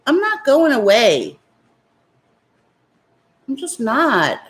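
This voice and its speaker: Slow-talking, defiant woman vlogger. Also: on the high side, wildly swooping pitch, breathy edge. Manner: defiant, chatty, talks back to critics. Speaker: YouTube beauty vlogger. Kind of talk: casual makeup chat, answering viewer comments.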